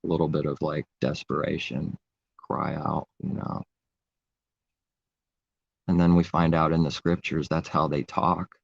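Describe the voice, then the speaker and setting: A man's voice: extremely low pitch, flat delivery, measured pace, creaky, long pauses, slightly rough, no echo, dull audio. A man giving an informal, rambling sermon in a conversational way. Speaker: preacher. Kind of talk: informal live-stream sermon.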